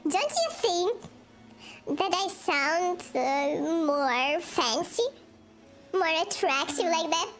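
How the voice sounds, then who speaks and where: A woman streamer talking through a voice changer that turns her into a high, cutesy girl voice, giggly and teasing over her gameplay. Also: expressive, takes it slowly, a bit bright, heavily acted. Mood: playful. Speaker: game streamer. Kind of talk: casual gameplay chat. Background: game music.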